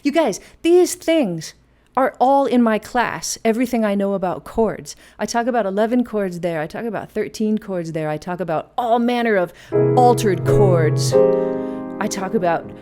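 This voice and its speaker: A woman's voice: mid-range voice, lively intonation, normal speed, warm tone. A woman hosting a casual piano lesson and plugging her classes, chatty and enthusiastic with playful asides. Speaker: music teacher and host. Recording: faint piano music behind. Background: piano playing.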